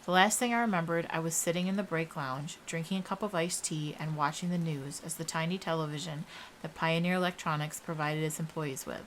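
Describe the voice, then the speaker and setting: A young woman narrating a first-person horror story in a steady storytelling voice. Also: low-pitched, brisk, a little hiss or hum, poor audio.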